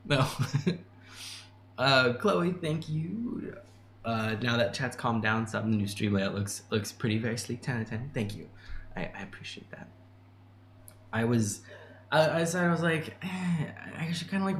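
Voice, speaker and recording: A man's voice: mid-range voice, a little hiss or hum. A man hosting a casual livestream, reading and answering chat messages in a chatty way, laughing often and restarting his sentences. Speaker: channel host answering chat. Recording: echoey room with faint ambience.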